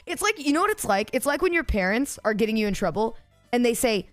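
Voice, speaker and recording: High, lively woman telling a story. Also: fast, faint music behind. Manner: animated, profane, laughs while telling. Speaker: streamer. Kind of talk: casual storytelling to a live chat.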